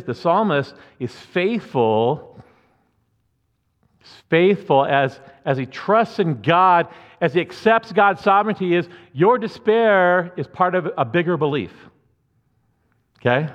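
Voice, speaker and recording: A man preaching a sermon as pastor, conversational and earnest, with asides to the congregation. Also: on the high side. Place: church sanctuary. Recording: muffled church hall reverb.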